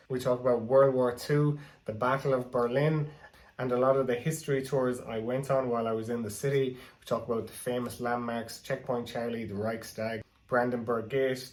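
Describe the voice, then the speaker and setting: An Irish man hosting a podcast, introducing an episode and chatting casually with a guest. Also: medium pitch. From Ireland. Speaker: podcast host.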